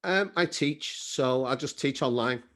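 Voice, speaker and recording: Man, northern English accent, Scouse twang, chatty interviewer, medium pitch. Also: unhurried, a bit bright. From North Wales. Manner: chatty, asks questions with rising pitch. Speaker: podcast host. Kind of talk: casual podcast interview.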